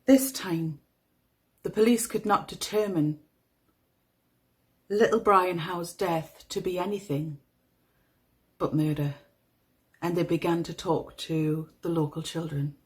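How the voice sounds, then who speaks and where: Slow, measured woman with a soft Northeast English accent. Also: lowish voice, steady tone, poor audio. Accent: toned-down Northeast English. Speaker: podcast host. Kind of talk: true crime narration.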